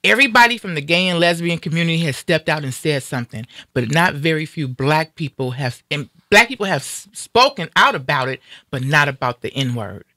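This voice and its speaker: A fired-up African American woman holds forth on a live stream, her voice bright and forceful as she drives every point home. She talks casually but with fierce, emphatic anger. The sound is dry and close to the mic. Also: low-pitched, expressive, fairly quick, few pauses, dry recording. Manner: angry, fiery, emphatic. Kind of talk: heated casual talk.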